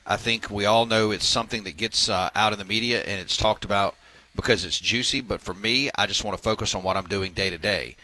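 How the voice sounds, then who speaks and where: A man's voice: lowish voice, a little fast, sharp tone, no echo, rough recording. A man hosting a sports talk radio segment, reading news items with filler words and wry asides.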